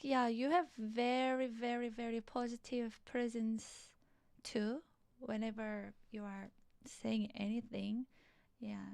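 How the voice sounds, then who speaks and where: A woman hosting a piano livestream, chatting softly and warmly with a guest, often filling in with little laughs and repeated yeahs. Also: on the high side, gravelly, dry recording. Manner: slow, soft-spoken, with frequent small laughs. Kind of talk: casual chat.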